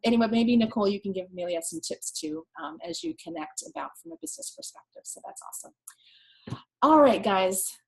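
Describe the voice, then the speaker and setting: A woman's voice: mid-range voice, rough recording. A woman teaching marketing on a webinar, chatting effusively and reading out viewer comments over a video call. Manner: warm, effusive, chatty with fillers.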